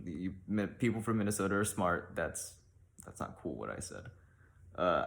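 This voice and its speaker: Deep-voiced deadpan man hosting an advice show. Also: fairly quick, gravelly. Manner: rambling and awkward, lots of ums and likes. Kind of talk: deadpan comedic monologue.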